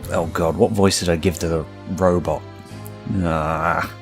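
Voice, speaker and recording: A man's voice: sits low, flat delivery, measured pace. A man voicing a fan game, breaking off into self-deprecating comedic asides. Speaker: let's-play narrator voicing a fan game. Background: music.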